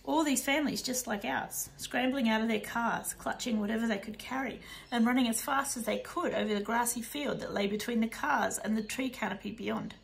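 A woman reads a children's novel in the first person, her voice sitting a little high with a gravelly edge. Her delivery stays hushed and soft, often sinking close to a whisper. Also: fairly quick, hardly any pauses, low-quality recording. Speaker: audiobook narrator. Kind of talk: first-person storybook narration.

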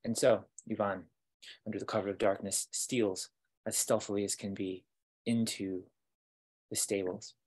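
A man telling a fairytale as a storytelling guide, slow with dramatic pauses, over a video call. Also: lowish voice, flat delivery, a little mellow.

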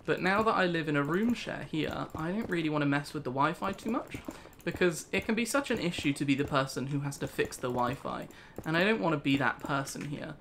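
A man's voice: fairly high pitch, expressive, brisk, fairly bright tone, a little hiss or hum. A young British man hosting a casual gaming video, rambling through a story with laughs. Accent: British English. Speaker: gaming channel host. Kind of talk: casual let's play chat.

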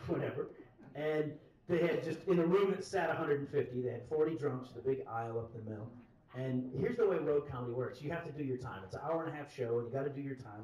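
A man performing stand-up comedy, telling a long story on stage and acting out loud hecklers in sudden high voices. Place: comedy club stage before a live audience. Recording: roomy club sound from a distant mic, loud crowd laughter.

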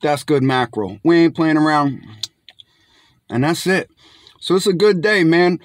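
A man's voice: a little high, measured pace, long pauses, no room sound. Laid-back guy chatting outdoors. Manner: laid-back, chatty, calls viewers "my friends". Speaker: food reviewer. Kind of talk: casual outdoor food review vlog. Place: outdoors in bright sun.

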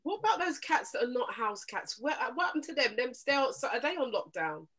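A woman with a slightly high voice hosts a live relationship talk show over a video call. She chats with an easy, laughing manner and turns earnest when she presses her listeners to stay alert. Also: very animated, fairly quick, fairly bright tone, rough recording. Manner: chatty, laughs often, turns earnest and urging.

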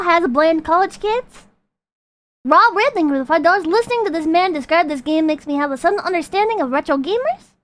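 A woman streamer ranting and reading chat in a profane, animated, casual way. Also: very high-pitched, no room sound.

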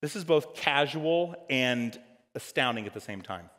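A man preaching a sermon as pastor, dynamic, moving between loud emphatic lines and quiet, hushed ones. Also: medium pitch, lively intonation, slow pace. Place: church hall. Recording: church hall with long reverb.

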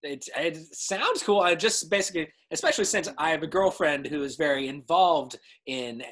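A man's voice: on the high side, animated, moderate pace, a bit bright. Upbeat young male livestream host. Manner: upbeat, laughs often, reads viewer questions. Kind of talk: hosting a live interview show.

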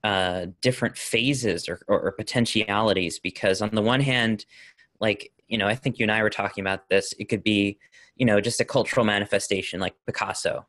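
A man with a lowish voice takes part in a casual group discussion. He speaks thoughtfully and often pauses to restart his sentences. His voice sounds dry and close. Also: steady tone, fairly bright tone, no echo. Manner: thoughtful, with many fillers and restarts. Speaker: discussion participant.

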